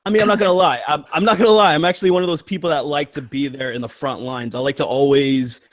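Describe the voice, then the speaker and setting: A man's voice: a little high, fairly even intonation, fast talker, no room sound, clean studio sound. A man guest in a casual group chat, talking hesitantly with many fillers.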